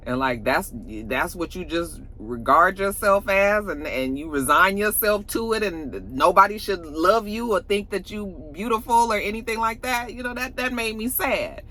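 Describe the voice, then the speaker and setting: Female reviewer, casual chatty recap, bright forward tone, acts out quoted lines. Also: fairly low pitch, animated, normal speed, a little hiss or hum. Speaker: TV episode reviewer.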